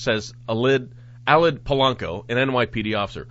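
A man hosting a talk show, reading news reports aloud and commenting on them in a sarcastic, animated way. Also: mid-range voice, brisk, no echo. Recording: dull lo-fi audio.

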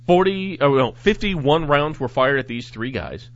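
Man, talk show host, sarcastic news commentary, animated and lively, muffled lo-fi sound. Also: fairly high pitch, unhurried. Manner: sarcastic, animated, thinks aloud. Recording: dull lo-fi audio.

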